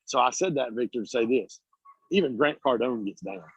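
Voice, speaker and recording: A man giving an energetic, preachy motivational talk on a video call, casual and blunt as he tells stories. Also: mid-range voice, brisk, gravelly, breathy edge, dry recording. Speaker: guest speaker, business coach. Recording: dull lo-fi call audio.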